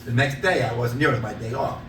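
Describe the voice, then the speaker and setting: A man performing a stand-up comedy set in a small theater, telling stories loudly and laughing at his own jokes. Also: mid-range voice, quick pace, slight background noise. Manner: loud, animated storytelling, laughing at own jokes. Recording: echoey room, mic from a distance.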